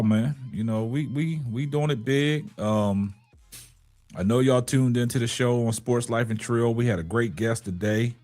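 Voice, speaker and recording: A man in his forties hosting a casual late-night live show, laid-back and chatty, tagging "man" onto his lines. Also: mid-range voice.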